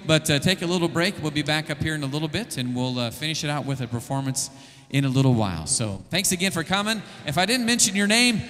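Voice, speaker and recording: A man with a bright, pushing voice addresses a café crowd from the stage, stumbling over fillers as he goes. His words carry a long reverb from the room's PA. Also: a little high, fast talker, hardly any pauses. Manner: hesitant, many fillers. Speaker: worship musician thanking the audience. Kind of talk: casual stage announcement. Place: live café venue with a PA.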